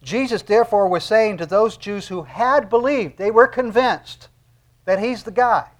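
A man with a fairly high voice delivers a sermon. His preaching is earnest and conversational, and he leans on repeated phrases to drive each point home. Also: measured pace.

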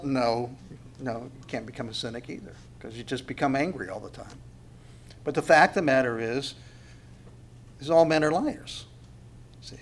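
A male pastor gives a conversational sermon in a somewhat high voice. He repeats himself and drops in chuckling asides.

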